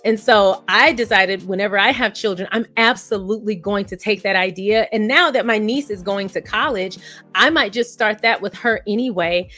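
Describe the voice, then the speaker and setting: A woman's voice: medium pitch, normal speed, pushed and bright. Woman vlogger, casual reaction commentary, effusive and chatty, faint music underneath. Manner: effusive, chatty, laughs often.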